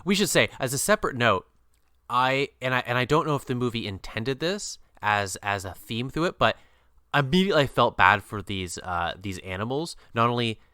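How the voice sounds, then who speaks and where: A man's voice: medium pitch, animated, normal speed, pushed and bright, smooth, dry recording. A man co-hosting a film podcast, musing about the plot in a rambling way with many "uh" and "um" restarts and dry asides. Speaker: podcast co-host. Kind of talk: casual film discussion.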